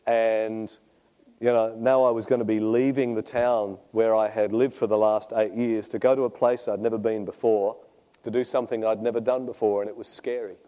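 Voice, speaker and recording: A man's voice: fairly low pitch, flat delivery, normal speed, warm tone. A middle-aged man with an Australian accent, a pastor preaching a sermon and telling his own story in a conversational, self-deprecating way. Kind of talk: sermon with personal testimony.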